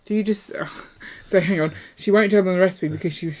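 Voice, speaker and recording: A woman's voice: on the low side, a little fast, darkish tone. A woman, chatting playfully during a live stream and reading out viewer messages. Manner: playful, chatty, jumps between topics; reads viewer messages aloud. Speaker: co-host of a live building stream. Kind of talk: casual chat while building and reading chat.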